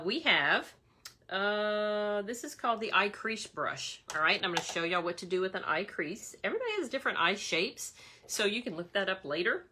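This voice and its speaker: A woman gives a chatty makeup tutorial, talking straight to her viewers and calling them y'all. Her mid-range voice sounds pushed and bright.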